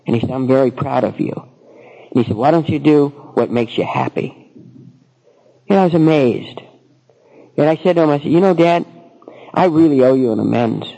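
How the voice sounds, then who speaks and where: A man's voice: mid-range voice, expressive, moderate pace, creaky, long pauses, dark tone, poor audio. A middle-aged man telling a personal recovery story, rambling with many false starts. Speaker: speaker sharing recovery story.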